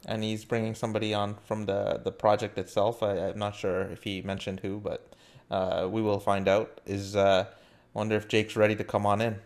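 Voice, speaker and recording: A man's voice: fairly low pitch, level tone, normal speed. A man hosting a podcast, introducing guests in a loose way with many fillers. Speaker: podcast host. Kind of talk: casual podcast chat.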